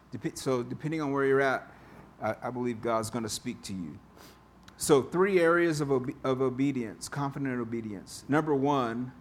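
A man's voice: mid-range voice, normal speed, slight background noise. A male pastor giving a conversational sermon in a church, repeating key phrases for emphasis. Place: church sanctuary.

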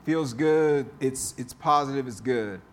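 A man preaches a sermon at an unhurried pace, talking to the congregation in a casual, conversational way. He repeats key phrases to drive them home. Faint room ambience sits behind him in the church. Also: mid-range voice, slight background noise. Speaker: pastor. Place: church sanctuary.

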